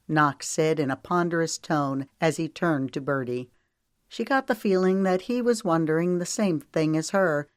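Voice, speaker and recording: A woman's voice: sits low, moderate pace, no room sound, clean studio sound. A woman narrating a romance audiobook and giving the characters' lines light shifts in voice. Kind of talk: scripted narration.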